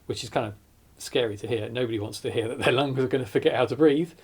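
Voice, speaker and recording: A man's voice: mid-range voice, quick pace, husky. A man, earnestly recounting his hospital ordeal in a documentary interview, often correcting himself as he goes. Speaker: survivor telling his story.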